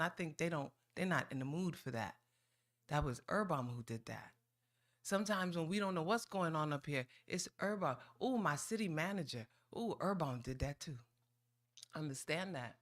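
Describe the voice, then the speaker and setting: A woman's voice: fairly low pitch, animated, moderate pace. A woman giving an informal public comment at a council meeting, talking in a playful, folksy, teasing way and often drawing out "ooh".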